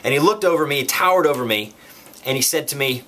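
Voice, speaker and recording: A man telling a comic personal story with playful, deadpan exaggeration. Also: mid-range voice, fast, slight background noise.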